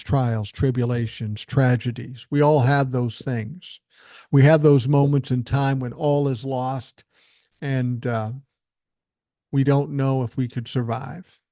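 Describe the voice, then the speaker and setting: A man's voice: mid-range voice, steady tone, unhurried, mellow, dry recording, studio quality. An older man hosting a solo podcast, talking bluntly and emphatically, with frequent swearing. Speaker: podcast host. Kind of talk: solo political podcast monologue.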